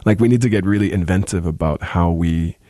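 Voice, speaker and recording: A young adult man with a deep, gravelly voice, speaking as an interview guest in a thoughtful, halting way with many restarts. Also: mellow, no room sound, studio quality. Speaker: musician guest. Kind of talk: casual interview talk.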